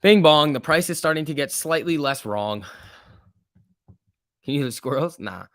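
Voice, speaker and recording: A man with a fairly high, expressive voice speaks at normal speed with a fairly bright tone, hosting a stock trading livestream. He talks casually about the market, reads viewer questions aloud and answers them in a loose, chatty way full of fillers like "like" and "um". The clean studio sound has no room reverb.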